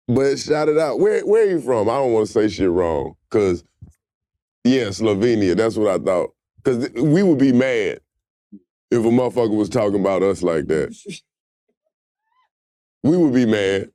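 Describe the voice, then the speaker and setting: Dude riffing on a comedy show, laid-back mellow voice, dry close sound, cussing a lot. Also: male voice, on the low side, measured pace, long pauses, no echo. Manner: loose, profane, animated riffing.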